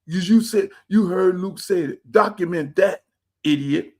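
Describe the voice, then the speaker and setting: A middle-aged man, hosting a livestream in a blunt, profane, animated manner. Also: sits high, measured pace. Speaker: host. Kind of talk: casual livestream talk. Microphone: streaming setup.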